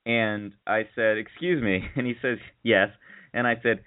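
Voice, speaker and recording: A man's voice: medium pitch, normal speed, dry recording. A man hosting a comedy talk show, telling a story in casual chat and laughing as he goes. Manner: laughing storyteller, swears, lively delivery. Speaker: radio show host. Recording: dry phone-like audio.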